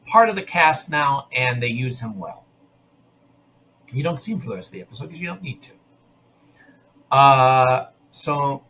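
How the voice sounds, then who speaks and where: A man's voice: mid-range voice, a little hiss or hum, rough recording. A man hosting a podcast, casually recapping a TV episode with lots of asides. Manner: animated storytelling with asides. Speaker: podcast host.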